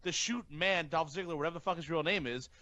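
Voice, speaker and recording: A man's voice: a little high, fast, sharp tone, no room sound. A man, co-hosting a wrestling podcast in casual chat, blunt and profane as he rambles through his opinions. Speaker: podcast co-host.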